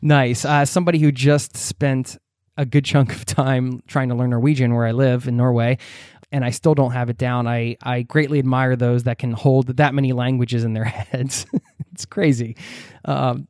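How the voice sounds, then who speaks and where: A man hosts a podcast in a relaxed, conversational way, laughing easily between thoughts. His voice sits at an ordinary middle pitch. The recording is close and dry, with no room sound. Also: normal speed, dry recording. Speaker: podcast host. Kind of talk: casual podcast interview. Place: home in Norway.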